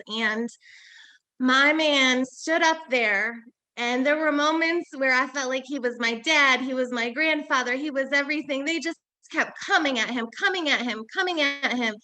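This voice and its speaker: A woman's voice: sits high, moderate pace, pushed and bright. A woman advocate speaking at a press conference, heartfelt and repeating lines for emphasis. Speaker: advocate and mother of a solitary survivor. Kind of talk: emotional press conference speech.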